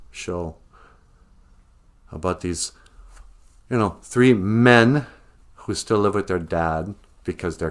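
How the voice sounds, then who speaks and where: A man giving a mock-serious, deadpan satirical monologue. His voice is on the low side, and he talks slowly and deliberately, with pauses. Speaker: comedian vlogger.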